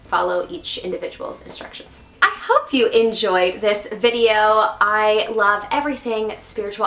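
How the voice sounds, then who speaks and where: A woman's voice: mid-range voice, sharp tone. A young woman hosting a casual wellness vlog, chatty and giggly as she talks to her viewers. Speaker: YouTube wellness host. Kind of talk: casual talk to camera. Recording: echoey room.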